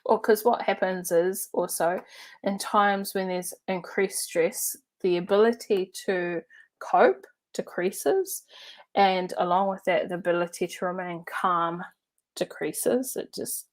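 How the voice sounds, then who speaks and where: A woman's voice: fairly low pitch, slow. A woman coach telling a story and teaching in a casual, chatty way, laughing now and then and using lots of fillers. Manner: chatty and animated, laughs while telling stories; loose, with many fillers like "uh" and "like". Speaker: NLP and hypnotherapy coach.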